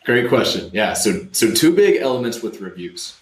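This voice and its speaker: A man's voice: medium pitch, normal speed, roomy sound, poor audio. A man talking casually as a podcast guest, explaining marketing with energy and acting out what customers say. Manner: energetic, acts out customer quotes.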